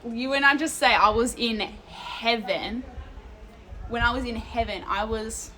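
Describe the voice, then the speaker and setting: This young Australian woman speaks a little slowly in a fairly high, bright, forceful voice, with a little hiss or hum on the recording. She's outdoors walking in an Italian town, phone held out, chatting to her stream chat, easily distracted and cursing freely.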